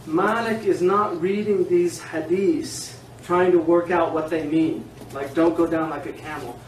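A man teaching Islamic law in an informal classroom lecture, animated and digressive, often laughing. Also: fairly high pitch, unhurried. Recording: echoey room, distant mic, faint hiss.

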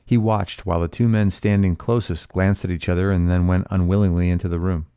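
A man reading a classic novel aloud in a measured, even narration. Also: low voice, clean tone, dry recording, studio quality. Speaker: audiobook reader.

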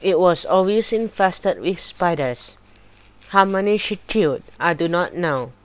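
A woman reading the lines of a cursed old male corpse crawling with spiders, in a slow, grave and mournful way. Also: on the low side, expressive. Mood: grim, mournful.

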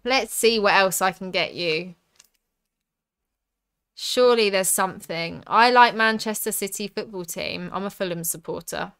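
A woman's voice: fairly high pitch, pushed and bright, clean tone. A young woman with a southern English accent, chatting on a live stream as she opens card packs and reads out viewer comments. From southern England.

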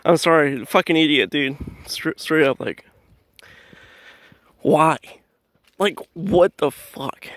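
A man's voice: fairly high pitch, lively intonation, measured pace, dry recording. A young man telling a rambling story in a casual vlog, swearing freely and laughing often as he walks his dog in the woods. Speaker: vlogger. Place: outdoors in woods, walking dog.

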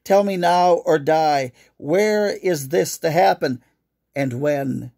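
A man's voice: on the high side, slow pace, creaky, darkish tone, full character voice. A man voicing a cruel aging tyrant king who taunts and roars at his captive. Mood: taunting, raging. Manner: taunting, roaring outbursts.

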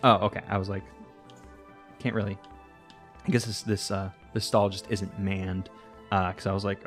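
A man's voice: on the low side, fairly even intonation, normal speed, long pauses, faint music behind. A man doing casual let's-play commentary, rambling and chatty and swearing casually as he plays.

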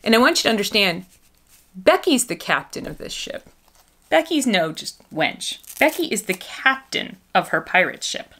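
A woman's voice: mid-range voice, very animated, normal speed, bright, forceful tone. A woman chatting casually while unboxing and dressing dolls, gushing and goofy, with gasps and playful asides. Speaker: doll collector vlogger.

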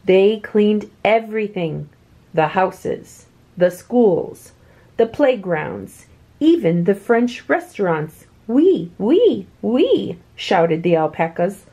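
A woman reading a children's picture book aloud with expressive, swooping delivery. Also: medium pitch, takes it slowly, highs cut off. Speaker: children's story reader.

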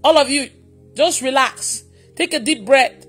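A woman's voice: sits high, measured pace, soft background music. A woman preacher leading a livestreamed prayer session, who laughs often and repeats her phrases.

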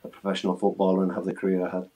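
A middle-aged man talks through old memories in a relaxed interview. His voice sits low, and his stories come out earnest, emotional and a little rambling. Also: very fast, low-quality recording. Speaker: former footballer, interview guest. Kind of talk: casual reminiscing interview.

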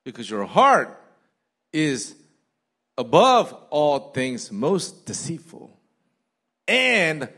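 Animated man preaching a sermon. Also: medium pitch, slightly rough. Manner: animated preaching, mimics people in quoted asides. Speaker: pastor. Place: church sanctuary.

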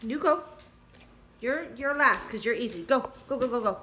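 Woman, high-pitched, very animated, coaxing and scolding dogs, noisy home recording with dogs. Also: moderate pace. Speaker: dog owner vlogger. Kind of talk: casual home video. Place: home, grooming her dogs. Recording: noisy room with dogs and clicks.

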